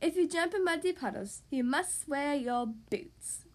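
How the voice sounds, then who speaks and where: A woman's voice: animated, unhurried. Peppa, a woman doing a bossy little piglet girl. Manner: eager, high and bright. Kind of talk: storybook character voice.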